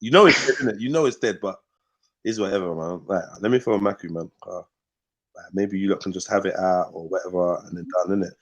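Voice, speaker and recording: A man's voice: deep voice, quick pace, a bit bright. A man hosting a casual livestream, teasing his guests and laughing often. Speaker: livestream host.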